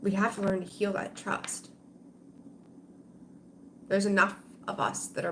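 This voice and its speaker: A woman's voice: medium pitch, little pitch movement, a little slow, long pauses, slight background noise. A middle-aged woman hosting a tarot livestream, chatting with viewers in an emotional, rambling way full of fillers and restarts. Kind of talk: casual livestream chat with viewers.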